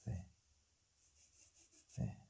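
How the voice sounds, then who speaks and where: A man teaching drawing, talking calmly and unhurriedly, often repeating single words under his breath as he works. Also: slight background noise, rough recording. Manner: calm, unhurried, muttering repeated words while sketching. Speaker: art instructor. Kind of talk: slow drawing tutorial narration.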